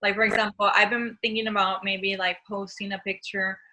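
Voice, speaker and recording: A young woman hosts a relaxed talk show chat in a bright, forceful voice. She muses out loud and searches for her words as she goes. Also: mid-range voice, a little fast, low-quality recording. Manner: reflective, thinking aloud with fillers. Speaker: host. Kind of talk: casual conversation.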